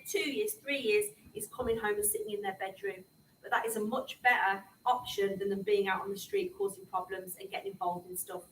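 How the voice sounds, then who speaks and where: Mum giving an emotional talk, echoey room, sounds a bit far from the mic. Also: female voice, medium pitch, slight background noise. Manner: impassioned, storytelling. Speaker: mother giving a talk to young people.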